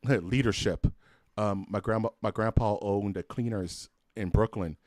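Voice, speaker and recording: A man's voice: lowish voice, moderate pace, dry recording. A man co-hosting a casual podcast, telling loose, profane stories and acting out other people's voices along the way. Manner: animated storyteller who acts out voices, swears freely. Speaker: podcast co-host. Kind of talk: casual chat, storytelling.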